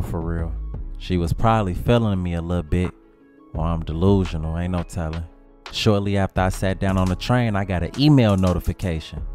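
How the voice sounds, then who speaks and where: A man's voice: low-pitched, a little mellow. A man telling a comic story in a brash, slangy style, trading insults. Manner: brash slangy trash-talk. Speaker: comedy storyteller.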